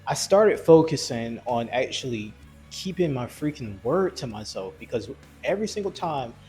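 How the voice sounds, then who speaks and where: A man giving a blunt, earnest motivational talk about self-discipline and weight loss, with frequent restarts, over soft music. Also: medium pitch, slightly rough. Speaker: fitness vlogger. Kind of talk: motivational monologue.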